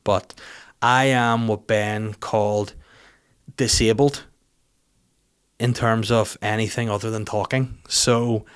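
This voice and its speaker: A man's voice: lowish voice, fairly even intonation, slow, long pauses, clean tone. A man with a Northern Irish accent hosting a podcast, rambling through a casual comedic monologue, self-deprecating and sweary. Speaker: podcast host.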